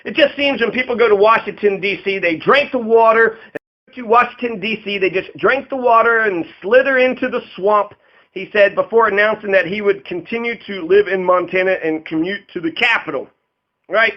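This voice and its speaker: A man's voice: high-pitched, normal speed. A man giving casual political commentary, rambling and profane, laughing often and acting out quotes in a raised voice. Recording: dull lo-fi audio.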